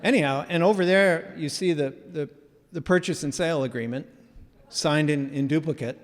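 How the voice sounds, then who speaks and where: A man telling a story live in a casual, animated way with self-mocking humor, heard in a reverberant hall. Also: a little high, moderate pace.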